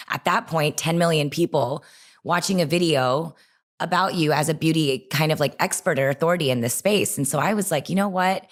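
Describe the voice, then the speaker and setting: A young woman telling a personal story in a conversation, animated and chatty with lots of "like". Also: low-pitched. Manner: animated, lively, full of "like". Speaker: guest, online creator.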